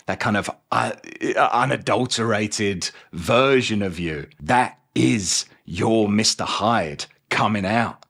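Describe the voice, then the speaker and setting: A man's voice: fairly low pitch, creaky. A man with a mild Cockney accent reviewing a book in a chatty, joking way. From England. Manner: chatty, animated, jokes and quick asides. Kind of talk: casual video review.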